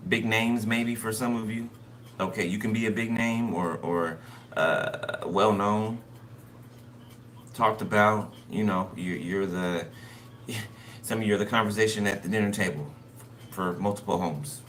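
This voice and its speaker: Low-voiced man in a noisy recording. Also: steady tone, a little slow, fairly bright tone. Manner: loose and conversational, keeps checking in with "okay" and "you know". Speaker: tarot card reader. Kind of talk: casual spoken tarot reading.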